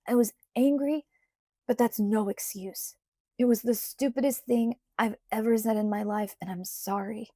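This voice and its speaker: A woman voicing an eager, remorseful teenage werewolf boy in an audiobook, rushing through pleading apologies. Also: a little high, steady tone, dark tone, no echo, studio quality, natural voice.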